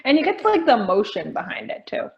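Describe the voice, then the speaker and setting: A woman in her twenties co-hosting a podcast, agreeable and quick to laugh, often second-guessing herself. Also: sits high, wildly swooping pitch, gravelly, crowd noise. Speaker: podcast co-host. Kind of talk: casual chat. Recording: slightly dull lo-fi audio.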